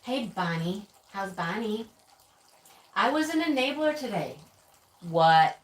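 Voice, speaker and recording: A woman's voice: fairly high pitch, big pitch swings, measured pace. A woman hosting a casual live craft stream, chatty and laughing often as she greets viewers by name. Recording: echoey room, distant from mic, faint noise.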